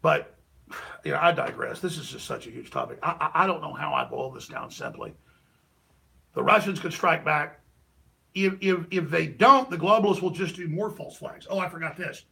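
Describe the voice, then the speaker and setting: Very animated and creaky-voiced, a middle-aged man hosting a talk show rants heatedly about politics at a moderate pace. He swings between shouting outbursts and low mutters.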